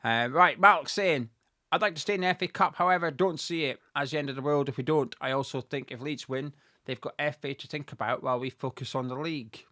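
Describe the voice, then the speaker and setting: A man hosting a casual fan chat, reading viewer comments aloud in a measured way with some hesitant fillers. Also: on the high side, bright, forceful tone, no room sound, clean studio sound. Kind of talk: casual live watch-along chat.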